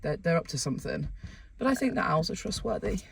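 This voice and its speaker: A woman's voice: fairly low pitch, very animated, quick pace, vocal fry, a little hiss or hum. A young woman co-hosting a comedy podcast, giggling and rambling through jokey casual chat. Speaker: podcast co-host.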